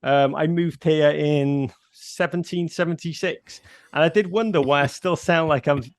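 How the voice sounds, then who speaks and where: A man's voice: on the high side, moderate pace, no room sound. A middle-aged man with a Northern English accent, chatting as a radio guest and telling stories with playful self-mockery. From north of England. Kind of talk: casual radio chat.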